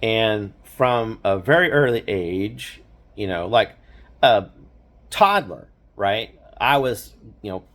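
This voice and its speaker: A man's voice: on the low side, expressive, slow, a bit bright. An older man casually reminiscing, rambling with lots of "you know" and "right?" and frequent chuckles. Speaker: storyteller.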